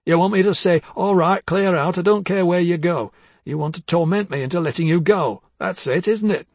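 A man reading the part of a bitter, jealous older husband, accusing and husky, dropping to hushed tones and rising to harsh outbursts. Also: sits high, moderate pace, no echo. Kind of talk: dramatic audiobook reading.

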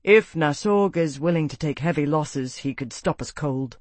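A man's voice: fairly high pitch, normal speed, dry recording, natural voice. A man reading an audiobook, voicing an earnest young male captain. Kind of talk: audiobook character voice.

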